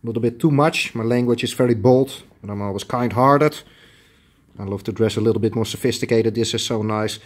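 A man's voice: medium pitch, fairly quick. A middle-aged man with a Dutch accent, a tailoring shop owner chatting bluntly as he shows fabrics to the camera. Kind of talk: casual product showcase.

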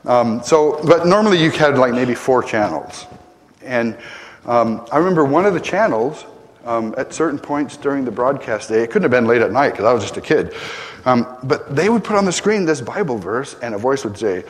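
An older man preaching a conversational sermon, often asking "right?", building to emphatic peaks and then dropping quiet. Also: mid-range voice, lively intonation, moderate pace. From Arizona. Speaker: pastor. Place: church sanctuary. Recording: long hall reverb.

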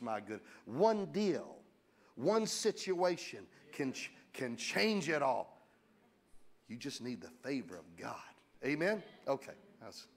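Middle-aged male pastor, lively joking preacher, bursts of loud emphasis. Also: mid-range voice, takes it slowly, husky. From United States. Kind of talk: sermon.

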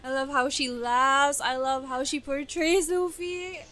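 A young woman reacting to an anime episode, gasping, laughing and exclaiming in bursts of excitement. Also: high voice, a little slow.

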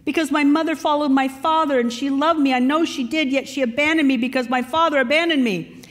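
A woman's voice: high voice, steady tone, a little fast, voice pushed up, lightly acted. A woman voicing a wounded, defiant young man who talks in a raised, pleading and insistent way. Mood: aggrieved. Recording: long reverb in a large hall.

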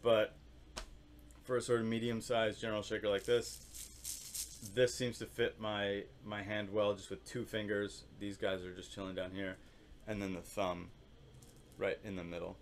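Relaxed male percussion teacher. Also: fairly low pitch, moderate pace, pauses often, a little hiss or hum. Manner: relaxed, thinks aloud, vocalizes rhythms with syllables. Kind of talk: casual instructional demonstration.

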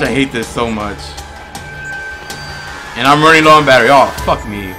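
A man giving casual let's-play commentary on a horror game, jumpy and swearing, shouting when chased and stumbling when he reads aloud. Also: mid-range voice, a little slow, pauses often, faint music behind. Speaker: gamer playing a horror game.

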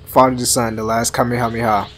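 A young man giving excited, slangy let's-play commentary and talking back to the game. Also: mid-range voice, fast, soft background music. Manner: hyped, slangy, talks back to the game, many restarts. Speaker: gaming YouTuber.

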